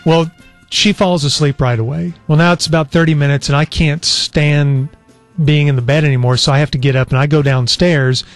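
A man's voice: a little high, steady tone, a little fast, soft background music. A man in his forties hosting a radio show, sounding weak and worn out as he tells a long story in easy chat. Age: 40s. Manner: easygoing storyteller. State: weak and worn out after illness. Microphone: studio microphone.

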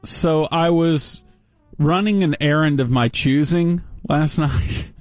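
Wry deadpan man telling a story. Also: a little high, slow pace, dry recording, soft background music. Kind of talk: casual storytelling chat.

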